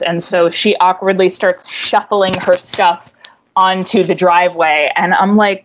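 A woman co-hosting a podcast, telling a story in a casual, animated and profane way, acting out the voices of the people in it. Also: medium pitch, measured pace, muffled recording. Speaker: podcast co-host.

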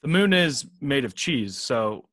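A man's voice: medium pitch, big pitch swings, measured pace, a bit bright, no echo, clean studio sound. A man co-hosting a podcast in casual chat, teasing and laughing easily. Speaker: podcast co-host.

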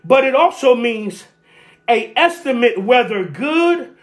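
A preacher delivering a sermon, repeating key phrases, calling for responses and shouting at the peaks. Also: medium pitch, big pitch swings, slow. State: sweating.

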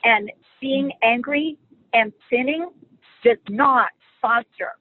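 Husky-voiced woman teaching on faith. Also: on the high side, slow. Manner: animated and humorous, acts out quoted lines. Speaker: guest speaker on marriage and faith. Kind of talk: faith-based conversational teaching. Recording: phone-like dry audio.

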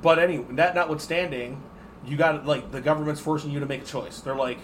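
A man co-hosting a podcast, trading deadpan, profane jokes in casual banter. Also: a little high, brisk. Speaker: podcast co-host. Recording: background noise.

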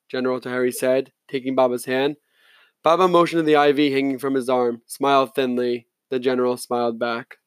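A man reading an audiobook in steady, first-person narration. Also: medium pitch, fairly quick, clear, resonant tone, no echo.

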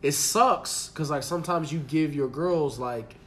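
A podcast guest with a fairly high, unhurried voice tells a story on a casual podcast. He's animated, laughs often, and acts out the quotes.

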